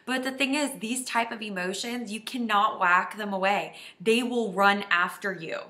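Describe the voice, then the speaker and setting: A woman's voice: medium pitch, normal speed, bright, forceful tone, roomy sound. A woman life coach giving an earnest, heartfelt and emotional confessional self-help vlog.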